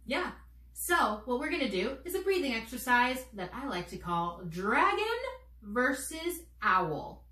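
A young woman, a children's theater teaching artist, leading kids through warm-up games in a slow, encouraging, playful way. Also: a little high, roomy sound, far from the mic.

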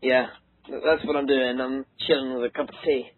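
An English teenage boy hosting a casual let's play chat, joking and rambling with excitable bursts. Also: mid-range voice, a little fast. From England. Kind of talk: casual gaming commentary chat. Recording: tinny lo-fi voice-call audio.

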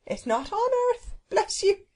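A woman's voice: sits high, big pitch swings, unhurried, darkish tone, pitched above the performer's own voice, full character voice. A woman reading a children's audiobook, voicing a cheerful, chatty cook who talks in a homely way. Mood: happy. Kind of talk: storybook reading.

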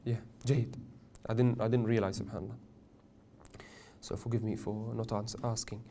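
A man's voice: lowish voice, little pitch movement, moderate pace, vocal fry. Man teaching a recitation class. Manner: questions the class often, with gentle joking. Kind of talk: classroom tajweed lesson.

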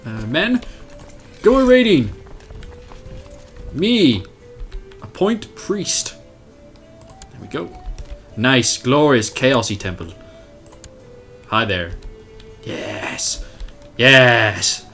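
A young man casually commentating his strategy game, animated, self-mocking and swearing at the game as he plays. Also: medium pitch, very slow, pauses often, faint music behind. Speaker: let's play host.

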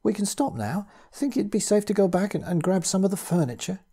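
A man reading as a jumpy family man, scared out of his wits, stumbling nervously through his words. The voice is warm and husky, with a mellow, soft tone. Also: high voice, animated, voice pushed up, heavily acted. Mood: dazed. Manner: nervous, halting speech. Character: frightened, jumpy middle-aged family man.

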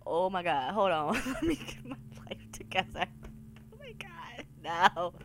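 A woman hosts a horror game let's-play, swearing and yelling out in fright as she talks to her viewers, whom she calls y'all. Her mid-range voice swoops wildly in pitch, though her pace stays measured, and she's jumpy with loud, scared outbursts.

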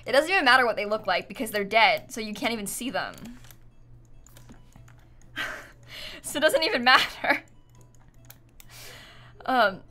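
A woman's voice: on the high side, expressive, unhurried, long pauses, pushed and bright. A young woman in her twenties chatting casually while streaming a building game, telling stories with lots of giggles. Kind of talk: casual livestream chat while gaming.

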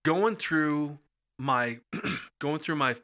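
A middle-aged man telling funny stories in a casual podcast chat, acting out the voices in them with big jumps up and down. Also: drawn-out words. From Midwestern United States. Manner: acts out quoted voices with big jumps in pitch and loudness. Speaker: storyteller guest. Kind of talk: animated storytelling chat. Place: podcast studio.

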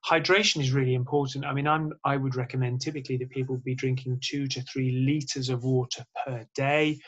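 A man's voice: mid-range voice, steady tone, brisk, hardly any pauses, slightly rough, lo-fi sound. A man, a surgeon, giving a spoken lecture in an explanatory way, with frequent fillers and restarts.

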